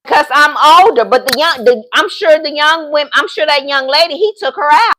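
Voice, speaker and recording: A woman's voice: sits high, fairly quick, pushed and bright, a little hiss or hum. A woman in her fifties, a vlogger, chatting casually and telling a story straight to her viewers, acting out both sides of a phone call. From United States. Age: 50s.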